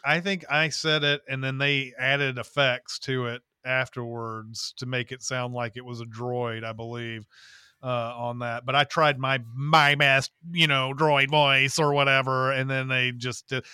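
A man's voice: mid-range voice, little pitch movement, unhurried, bright, forceful tone, smooth, dry recording, studio quality. A man narrator chatting on a podcast, casual and swearing freely, with frequent restarts and laughs.

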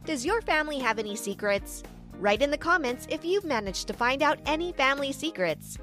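A woman tells a first-person story in an earnest, dramatic way. Her voice sits high, with soft music playing underneath. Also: lively intonation, fairly quick. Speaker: story narrator.

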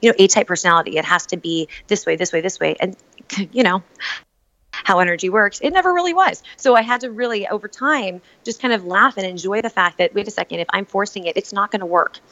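A woman's voice: medium pitch, fast talker, fairly bright tone. A woman in casual, reflective conversation who often repeats words and restarts her sentences. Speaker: podcast guest, writer on emotions. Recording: dull lo-fi audio.

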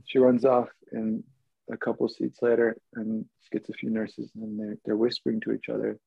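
Gravelly, husky man telling stories. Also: on the low side, little pitch movement, dry recording, highs cut off. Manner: rambling, self-amused, halting restarts. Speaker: actor guest. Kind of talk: casual storytelling.

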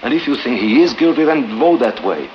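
A man's voice: medium pitch, animated, lightly acted. A man playing a stern, principled juror. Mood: reproachful. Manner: reproachful, measured and earnest. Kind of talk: 1950s film drama acting. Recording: dull noisy old film soundtrack.

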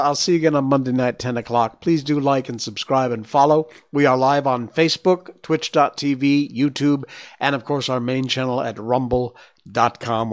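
Man reading a storybook aloud. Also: medium pitch. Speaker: livestream host reading a book aloud. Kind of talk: storybook narration on a live stream.

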